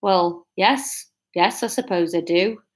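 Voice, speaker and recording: A woman's voice: on the low side, slow pace. A woman voicing a reserved, dry husband with a put-on broad northern English accent and clipped replies.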